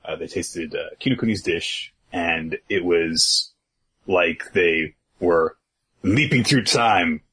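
Slow, husky-voiced man chatting. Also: deep voice, bright, forceful tone. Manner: laid-back, rambling with many fillers and chuckles. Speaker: podcast co-host. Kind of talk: casual podcast recap chat.

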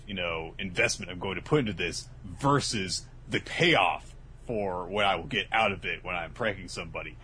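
A man co-hosts a laid-back comedy podcast, cursing freely and performing lines in over-the-top voices. His voice sits on the low side, bright and forceful, with a little background noise.

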